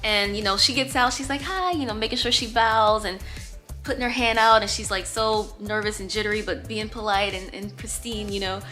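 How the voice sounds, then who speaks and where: A young woman telling a dating story in a casual, animated way, acting out the quotes and swearing freely. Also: medium pitch, brisk, faint music behind. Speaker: storytime vlogger.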